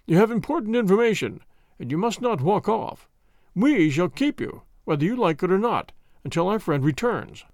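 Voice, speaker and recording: A man's voice: high-pitched, sing-song, normal speed, a little mellow, dry recording, clean studio sound. A man voicing a bluff, hearty police inspector with a blustering manner. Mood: firm.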